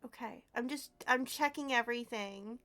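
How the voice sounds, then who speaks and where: A woman's voice: on the high side, normal speed, fairly bright tone. A woman streamer chatting casually with her live viewers, giggling often and thanking them by name.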